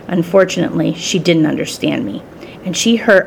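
A woman reading a children's story aloud in the first person, with expressive storytelling. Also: fairly low pitch, moderate pace, vocal fry, a little hiss or hum. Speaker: storybook reader.

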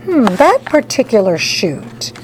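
A woman voicing a calm, breezy, whimsical man who owns a candy factory in a storybook reading. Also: a little high, slow, slight background noise, rough recording.

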